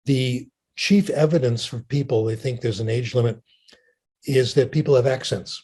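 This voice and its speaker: A man's voice: mid-range voice, moderate pace, dark tone, slightly rough. An older man giving a lecture and answering audience questions, chatty and storytelling, often asking "okay?". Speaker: linguist giving a talk.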